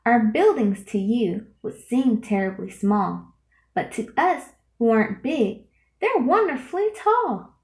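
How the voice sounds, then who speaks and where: A woman's voice: fairly high pitch, animated, slow, a little mellow. A woman voicing a tiny, friendly male town mayor who speaks cheerfully and gratefully, read in a roomy room. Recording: roomy echo.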